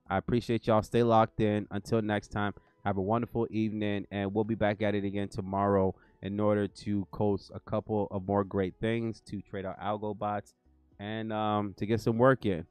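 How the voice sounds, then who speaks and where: A man's voice: lowish voice, a little mellow, clear, resonant tone, dry recording. An American man hosting a livestream, talking casually in a loose, rambling way with slang and fillers. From United States. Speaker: livestream host.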